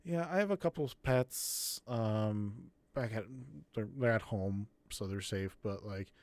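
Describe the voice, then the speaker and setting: A man voicing a shy young boy who loves spiders, talking softly and hesitantly with many stammers. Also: lowish voice, measured pace, dry recording, natural voice.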